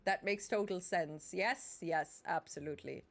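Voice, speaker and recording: A woman's voice: on the low side, unhurried, vocal fry. A woman streaming a video game, talking casually with sarcasm, swearing and frequent laughs. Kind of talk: casual gaming commentary.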